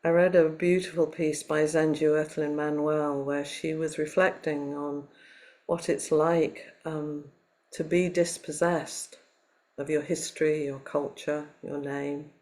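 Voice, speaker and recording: English woman, Zen teacher giving a dharma talk, soft and reflective, unhurried with pauses. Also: low voice, level tone. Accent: none, not Liverpool; Southern English. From Liverpool, England. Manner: reflective, gentle, with pauses and fillers.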